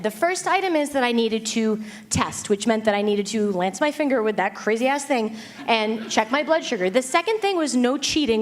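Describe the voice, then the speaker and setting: A woman in her thirties giving an animated, self-mocking talk to a live audience, with quick asides to the crowd. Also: a little high. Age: 30s. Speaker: speaker.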